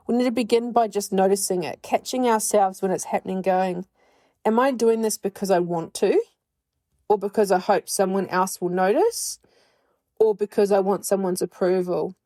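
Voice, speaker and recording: A woman's voice: mid-range voice, mellow, no room sound. A woman in her forties hosting a podcast, talking candidly and bluntly about her own life, swearing freely and laughing often. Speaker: podcast host. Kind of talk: candid personal monologue.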